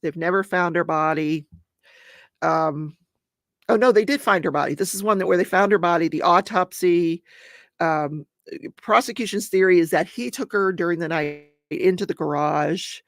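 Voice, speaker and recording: A woman's voice: deep voice, no room sound, clean studio sound. A middle-aged woman hosting a live stream, recapping a true-crime case in a rambling way and chatting with viewers. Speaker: host of a live crafting and true-crime channel. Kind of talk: casual live-stream chat.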